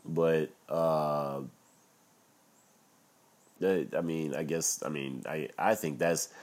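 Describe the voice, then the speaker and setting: A young man with a deep voice rambles through a solo monologue at an unhurried, drawling pace. He is loose and profane and drops into low mutters between louder bursts. Casual and unscripted throughout. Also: fairly even intonation. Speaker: solo commentator.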